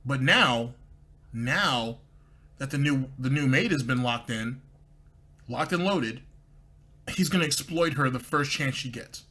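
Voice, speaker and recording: Husky man with dry mocking commentary. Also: mid-range voice, animated, measured pace, pauses often, bright, forceful tone. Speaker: commentary host. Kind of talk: sarcastic commentary over clips.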